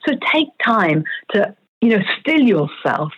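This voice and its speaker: A woman's voice: medium pitch, sing-song, measured pace, slightly rough. A woman, an author and coach, explaining her ideas step by step in an earnest interview. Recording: dull lo-fi audio.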